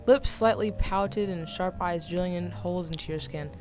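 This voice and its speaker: A woman's voice: on the low side, moderate pace, music in the background. A young woman casually reading a romance story aloud without editing, stumbling over words and breaking off into jokey asides. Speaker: story reader. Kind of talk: casual read-aloud of fan fiction.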